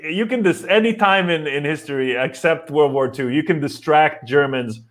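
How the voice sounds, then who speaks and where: A man's voice: a little high, moderate pace, fairly bright tone. A man hosting a podcast, joking and teasing his guest and laughing while he talks. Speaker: podcast host. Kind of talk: casual chat.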